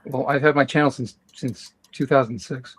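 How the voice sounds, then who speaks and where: A man's voice: medium pitch, steady tone, normal speed, fairly bright tone, breathy edge, dry recording, poor audio. A man who is a fellow artist, teasing his friend with dry humor in casual chat on a stream.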